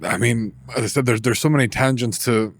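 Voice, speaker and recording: A man hosting a podcast interview in a studio, talking in a halting way and repeating words as he gathers his thoughts. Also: mid-range voice, creaky, no echo. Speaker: podcast host. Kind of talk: casual interview chat.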